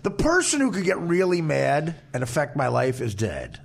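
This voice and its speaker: A man's voice: on the high side, huge pitch swings, moderate pace, gravelly. A middle-aged man hosting a podcast, telling a long, profane anecdote in casual chat. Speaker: podcast host.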